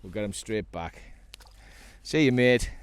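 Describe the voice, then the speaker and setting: Excitable man fishing from a kayak. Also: lowish voice, a little slow, clear, resonant tone. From North East England. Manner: chatty, excitable, talks to the fish. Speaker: fishing vlogger. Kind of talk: casual running commentary while fishing. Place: kayak at sea outdoors.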